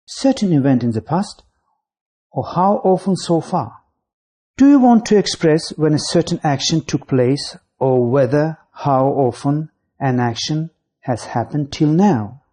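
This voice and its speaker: A voice narrating a scripted English grammar lesson, reading out rules, lists of signal words and example sentences in a measured way. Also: mid-range voice, dark tone, slightly rough.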